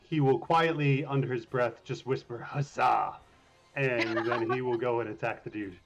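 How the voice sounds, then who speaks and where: A man's voice: medium pitch, fairly even intonation, moderate pace, background noise. A man player describing his character's attacks in a tabletop game, easygoing and self-mocking. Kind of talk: casual game talk.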